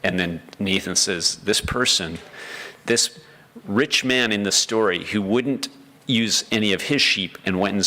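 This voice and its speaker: A man's voice: lowish voice, bright, forceful tone. A man preaching a sermon as pastor, earnest, acting out the prayers of the story with feeling.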